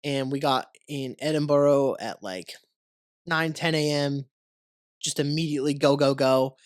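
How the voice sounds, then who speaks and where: A man from the United States, congested from a cold, hosts his podcast in a smooth voice on the high side, speaking a little slowly. He rambles, stays relaxed and swears casually. There is no room sound, and the studio sound is clean.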